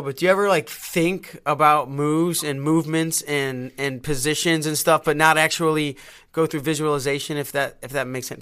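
Male podcast host, joking questioner, fairly high, crisp voice. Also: fairly bright tone. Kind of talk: casual interview chat.

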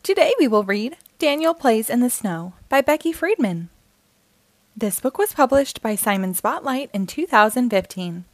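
Lady reading a kids storybook aloud, kinda high voice, dry close mic. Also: animated, normal speed, no room sound. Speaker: storyteller host. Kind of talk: children's story read-aloud.

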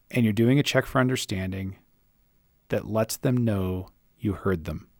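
A man's voice: lowish voice, a little slow, darkish tone, no echo, clean studio sound. A man hosting a podcast, answering listener questions on leadership with an encouraging, reassuring manner. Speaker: podcast host and leadership coach.

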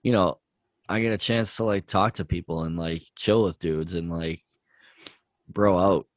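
A man's voice: deep voice, fairly even intonation, measured pace, no room sound. A man co-hosting a podcast, chatting in a laid-back, gushing way with many filler words. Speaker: podcast co-host. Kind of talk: casual chat.

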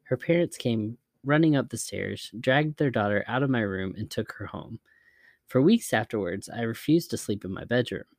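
A man narrating scary stories in a measured, even storytelling manner. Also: mid-range voice, vocal fry, no room sound, clean studio sound.

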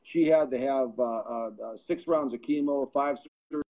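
A man's voice: mid-range voice, normal speed, dark tone. Earnest man telling his story, lo-fi. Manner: earnest, repeats words as he builds momentum. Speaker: podcast guest, pro football scout. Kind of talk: personal testimony storytelling. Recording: dull lo-fi sound.

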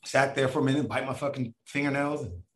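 A man's voice: mid-range voice, quick pace, roomy sound. A man telling a long personal story in casual, profane talk, acting out the voices of the people in it. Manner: animated, profane, acts out voices of others.

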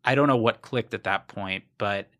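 A man from South Florida talks as a podcast guest in a low, bright, forward voice. He tells candid stories in a rambling, conversational way, circling back on his own sentences. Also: normal speed. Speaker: guest, comedian.

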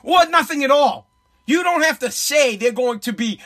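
A man's voice: very high voice, lively intonation, normal speed, a bit bright. A man, ranting as a sports radio host in profane, emphatic, repetitive bursts. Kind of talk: heated sports commentary rant.

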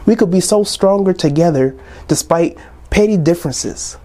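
A man in his twenties holds forth on his podcast in a casual, impassioned way, preaching at his listeners. His voice sits a little high but stays soft and mellow. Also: moderate pace. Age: 20s. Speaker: podcast host.

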